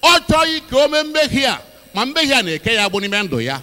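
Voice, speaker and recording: A man with an Igbo accent interpreting a sermon line by line, quick and forceful. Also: very high-pitched, big pitch swings. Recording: echoey hall.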